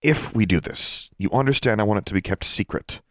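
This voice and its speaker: A blunt, stubborn teenage girl with a curt, sharp edge, spoken in a deep reader's lightly lifted voice, as a man reads her. The sound is close and dry, a plain storybook reading. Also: fairly quick, no room sound, close to an everyday voice. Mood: stern.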